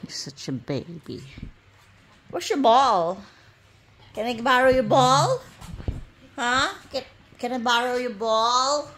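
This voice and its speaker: A woman coos at her dogs in a high, drawn-out baby-talk voice, unhurried and playful. She speaks slowly with a light, raised pitch. Faint household noise sits behind her. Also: expressive, a bit bright. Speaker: pet owner vlogger. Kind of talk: casual talk to pets. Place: home with pets.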